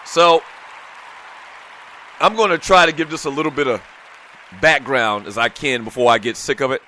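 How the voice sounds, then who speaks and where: A man hosting a casual sports talk show, animated and chatty, talking straight to his listeners. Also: medium pitch, normal speed, some chatter behind, slight background noise.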